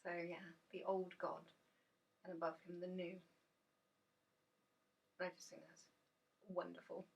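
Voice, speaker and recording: A woman's voice: fairly low pitch, little pitch movement, a little slow, vocal fry, pauses often, recorded from a distance, muffled recording. A woman chatting enthusiastically and rambling casually about a tarot deck in a dim room.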